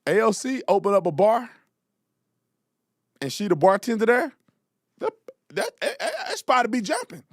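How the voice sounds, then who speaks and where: Male commentary host; slangy, animated delivery, dry close sound. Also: sits high, moderate pace, pauses often, no echo. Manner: animated, slangy, repeats words when starting a thought. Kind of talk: opinionated commentary.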